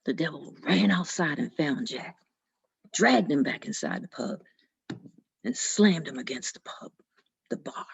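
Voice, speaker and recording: A woman telling a folk tale in an expressive, dramatic storytelling manner. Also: deep voice, unhurried, gravelly, pauses often, slightly rough. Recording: dull lo-fi recording.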